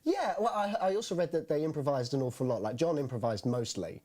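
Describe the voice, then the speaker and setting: A man hosts a laid-back film conversation. His voice sits a little high for a man, and he chats in an easy, agreeable way, often nodding along in words. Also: expressive, fast, dark tone. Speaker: host. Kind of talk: casual film chat.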